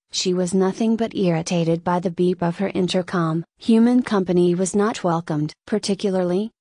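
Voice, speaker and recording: A woman narrating an audiobook in an even, measured reading. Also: fairly low pitch, no room sound.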